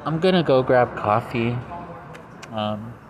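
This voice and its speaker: A man hosting his own podcast, talking through personal reflections in an earnest, halting way with fillers and restarts. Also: medium pitch, expressive, background noise. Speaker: podcast host.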